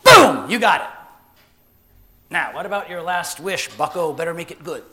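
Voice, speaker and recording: A man voicing a brash, sarcastic male genie with a Chicago accent and a loud, mocking, high-pitched delivery. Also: lively intonation, moderate pace.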